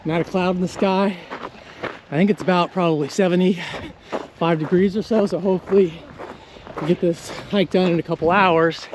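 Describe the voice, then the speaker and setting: A man's voice: high-pitched, steady tone, normal speed, long pauses. A man narrating a casual vlog while hiking a mountain trail outdoors, chatty and out of breath from the climb. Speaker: vlogger. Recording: noisy outdoor recording.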